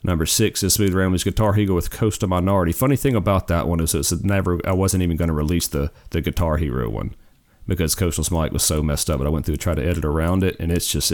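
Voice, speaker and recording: A man hosting a gaming podcast, chatting casually and rambling through stories with lots of restarts. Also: deep voice. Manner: rambling, self-correcting storyteller. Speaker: podcast host.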